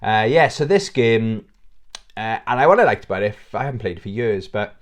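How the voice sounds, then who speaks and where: A man's voice: on the low side, animated, a little fast. Rambling, jokey British man vlogging. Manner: rambling, jokey, self-mocking. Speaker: YouTube host. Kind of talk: casual vlog chat. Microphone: plugged-in microphone.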